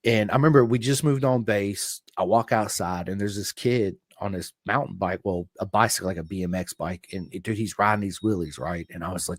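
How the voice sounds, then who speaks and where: A man hosting a casual podcast, speaking in a lowish voice. He tells stories with energy and acts out the lines he quotes. The sound is dry and close. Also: a little fast, dry recording. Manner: animated storyteller, acts out quotes. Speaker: podcast host. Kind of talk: casual conversation.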